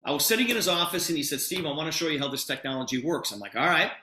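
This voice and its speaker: A middle-aged man presents a storytelling sales pitch, his voice rising and falling with animated swings in pitch. He acts out both sides of conversations and delivers everything in a bright, forceful tone. The sound carries a roomy echo. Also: rapid-fire. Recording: echoey room.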